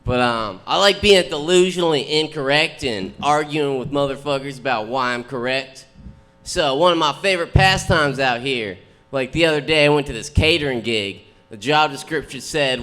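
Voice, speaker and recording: A brash young-sounding man working a comedy club stage, delivering profane, rambling stories. His voice sits a bit high and comes across bright and forceful. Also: moderate pace. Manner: profane, brash storytelling with crude punchlines. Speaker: stand-up comedian. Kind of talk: stand-up set.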